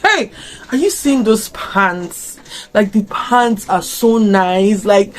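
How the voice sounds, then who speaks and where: A young Nigerian-accented woman talking straight to her viewers in a casual reaction vlog. She is expressive and keeps firing off rhetorical questions, at a middle pitch for a woman. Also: slow pace. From Africa. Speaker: reaction vlogger.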